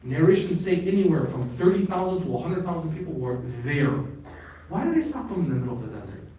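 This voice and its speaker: In a large hall at an Islamic center, a man gives an emphatic religious lecture to a live audience, calling questions out to the crowd. His fairly high voice is very animated, quick and dark in tone, heard from far off in an echoey hall.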